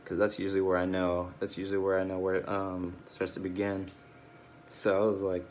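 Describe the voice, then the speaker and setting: A man's voice: low voice, level tone, moderate pace, slight background noise. A tired, drowsy man rambling through a casual personal video log, swearing often and losing his train of thought. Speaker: video diarist.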